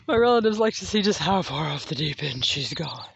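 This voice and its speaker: A woman's voice: a little high, sing-song, unhurried, gravelly, a bit bright, lo-fi sound. Rambling woman vlogging on a noisy beach. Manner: joking, bickers with herself in different voices. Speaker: reverend vlogger. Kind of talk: rambling self-talk vlog. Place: outdoors on a beach.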